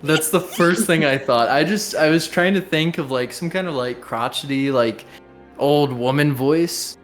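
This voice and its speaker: A young man running a tabletop game over a voice call, explaining rules in a relaxed, rambling way with many fillers. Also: on the high side, a little slow, faint music behind. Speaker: game master. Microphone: online voice call.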